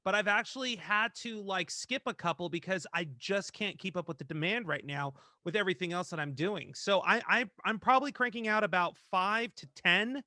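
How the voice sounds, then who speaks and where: A man's voice: sits high, normal speed, hardly any pauses, bright, forceful tone, no room sound, clean studio sound. A man co-hosting a podcast, chatting in an upbeat way and reading news items with asides. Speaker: podcast co-host, news reader.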